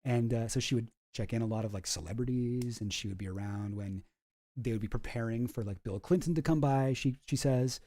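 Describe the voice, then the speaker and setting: A man's voice: medium pitch, brisk, mellow. A man giving casual, rambling commentary with lots of fillers, reading documents aloud as he goes.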